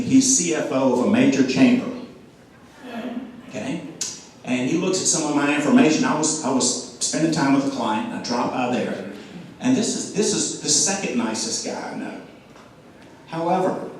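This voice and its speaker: A man giving an animated sales talk to an audience, throwing questions at the room and acting out quotes. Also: medium pitch, a little hiss or hum. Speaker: speaker at a club meeting. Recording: echoey room, mic from a distance.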